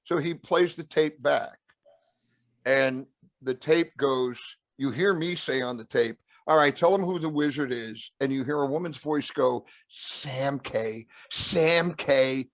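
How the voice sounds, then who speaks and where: A man telling stories as a guest in casual talk, rambling and acting out quotes in a raised voice, often clearing his throat. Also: mid-range voice, unhurried, no room sound. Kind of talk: casual storytelling.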